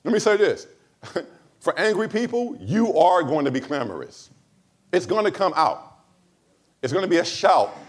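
A man preaching a sermon to his congregation, emphatic, moving between loud stressed phrases and low, quiet asides. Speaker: pastor.

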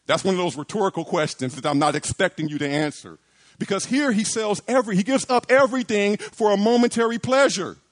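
A man's voice: high-pitched, brisk. A man preaching a sermon, asking rhetorical questions, repeating phrases and acting out quoted pleas.

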